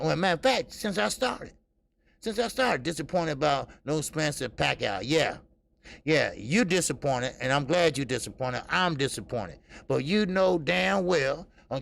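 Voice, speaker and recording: Gravelly man hosting a boxing show. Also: fairly high pitch, fairly bright tone, no echo, clean studio sound. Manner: loose, profane, joking, lots of filler sounds. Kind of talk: casual live-stream chat.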